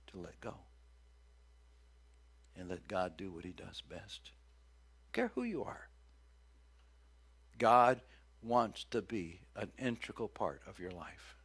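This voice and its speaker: A man's voice: fairly low pitch, sing-song, a little slow. Folksy middle-aged man preaching a sermon. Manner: folksy, tells homespun jokes, big loud swings for quoted cries. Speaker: pastor.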